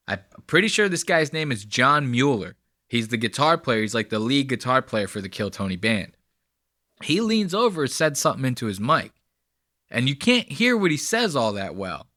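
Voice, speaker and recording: A man talks over comedy clips in a loose, blunt way, swearing freely as he explains things. His voice is bright and forward, and it sits dry and close to the mic. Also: mid-range voice, dry recording. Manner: profane, blunt, chatty. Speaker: commentator reacting to clips. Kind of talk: casual commentary.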